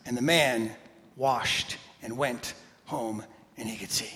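A man preaching a sermon as pastor, energetic and emphatic, with quick asides. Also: medium pitch. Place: church sanctuary. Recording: long reverb of a large hall.

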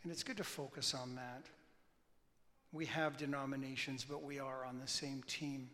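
Animated man preaching in a reverberant hall. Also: medium pitch. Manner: animated storytelling, bursts of loud excitement; softer, slower and reverent in prayer. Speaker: pastor. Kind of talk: informal sermon and prayer.

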